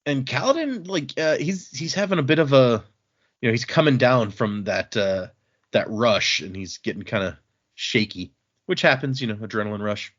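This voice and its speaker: A man hosts a relaxed podcast, recapping chapters and slipping into quick impressions of the characters. His voice is a little husky and moves lively up and down. The audio is muffled and lo-fi. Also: mid-range voice. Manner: retells scenes, acts out character quotes. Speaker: podcast host. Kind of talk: casual book-discussion chat. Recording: dull lo-fi audio.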